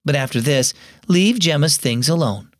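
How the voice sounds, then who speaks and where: A man reading the part of a patient mother who gently teaches her daughter in a radio story. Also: on the high side, expressive, moderate pace, no room sound, natural voice. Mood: calm. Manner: gentle, instructive.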